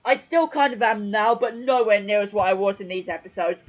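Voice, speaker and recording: A man's voice: sits high, fairly quick, low-quality recording. A male host giving casual live-stream commentary from home on his desk mic, rambling with lots of fillers and self-corrections. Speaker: channel host.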